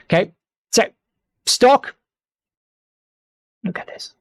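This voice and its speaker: A man hosting an investing channel, giving casual stock analysis with excitable, joking asides and frequent repeats. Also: extremely slow, no echo.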